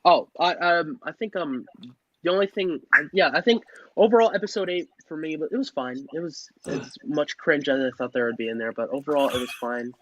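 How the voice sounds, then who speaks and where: A man with a slightly raised pitch talks hesitantly in a relaxed group chat. He pads his thoughts with fillers before he gets going. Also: brisk, no echo, dull audio.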